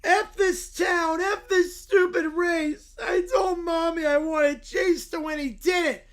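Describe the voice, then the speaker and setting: Squeaky bratty little kid voice, whining and yelling, tearful tantrum. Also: male voice, fairly even intonation, takes it slowly, exaggerated voice. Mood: whiny tantrum. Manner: whiny, shouting, tearful. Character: bratty young boy throwing a furious tantrum. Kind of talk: reading an AI-written story in character.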